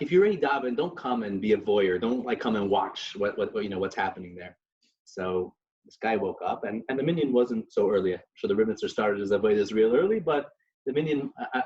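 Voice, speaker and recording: A man's voice: fairly low pitch, darkish tone. Man in a dull lo-fi recording. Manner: storytelling with many restarts and Yiddish terms. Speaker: podcast co-host. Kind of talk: casual religious discussion.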